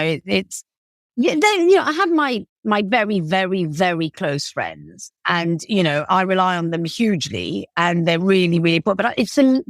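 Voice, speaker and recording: Appearing as a podcast guest, an English woman in her forties who started a cake business talks in a relaxed, self-mocking way, peppered with fillers and a British accent. Her pitch is medium, and the studio sound is clean with no room tone.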